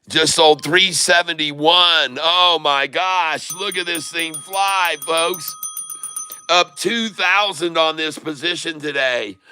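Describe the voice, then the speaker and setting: Male livestream trading host, exclamatory, clear smooth voice, slightly high, unhurried delivery. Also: sharp tone, no echo. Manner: exclamatory, rattles off prices, addresses viewers as folks. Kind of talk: excited live trading commentary.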